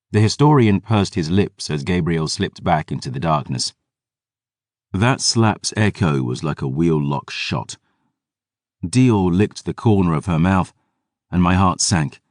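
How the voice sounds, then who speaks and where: Deep-voiced male audiobook narrator. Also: no echo, clean studio sound. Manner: measured, dramatic. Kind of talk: scripted fantasy narration.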